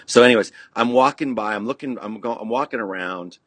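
Husky, rambling middle-aged man. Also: medium pitch, fairly quick, no room sound. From California. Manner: rambling, profane, full of restarts and "you know". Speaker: podcast guest, punk musician. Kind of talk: casual storytelling chat.

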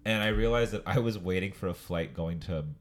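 A man's voice: low-pitched, brisk. A man co-hosting a podcast, telling travel stories in a laid-back, casual way with some swearing. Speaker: podcast co-host. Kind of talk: casual chat.

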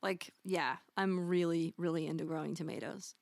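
A woman's voice: lowish voice, steady tone, normal speed, vocal fry. A woman interview guest, answering casually and candidly, laughing easily. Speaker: guest musician.

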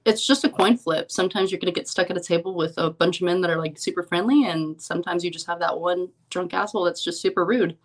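A young woman is a guest in an interview and talks frankly and casually. Her voice sits a little low for a woman. Her speech is loose and chatty, full of "like" fillers. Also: fast, few pauses. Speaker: professional poker player, guest.

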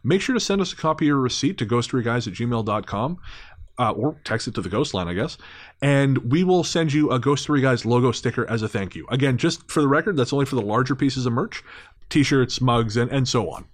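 A man's voice: mid-range voice, animated, brisk. A man co-hosting a podcast, reading sponsor notes and chatting in a rambling, self-mocking way with frequent laughter. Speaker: podcast co-host. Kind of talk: casual podcast banter.

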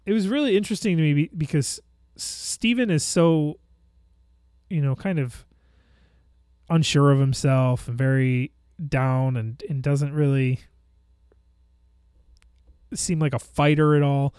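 Man, fairly high voice, relaxed rambling chat, dry jokes, dry close mic. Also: a little slow, long pauses, smooth, dry recording. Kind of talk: casual chat.

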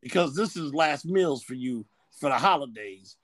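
A man's voice: fairly high pitch, moderate pace, no echo. A man co-hosting a podcast, talking bluntly in a casual, profane way. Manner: blunt, profane, animated storytelling. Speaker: podcast co-host.

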